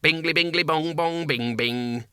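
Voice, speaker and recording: Casting: tiny clock demon, bright loud sing-song chimes, voiced by a male narrator. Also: on the high side, measured pace, clear, resonant tone, no room sound, studio quality, voice pushed up. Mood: chiming. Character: small chiming clock demon.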